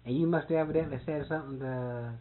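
A man telling stories in a casual, folksy chat, retelling events with animated quoted dialogue. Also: on the high side, fast talker. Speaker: storyteller in conversation. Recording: tinny phone-like old recording.

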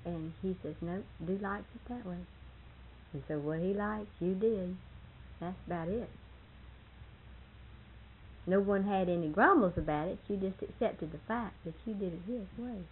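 An older woman with a husky voice, reminiscing casually about family and laughing often as she tells stories. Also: medium pitch, a little slow, pauses often, narrow, tinny audio, a little hiss or hum. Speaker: storyteller in family history interview.

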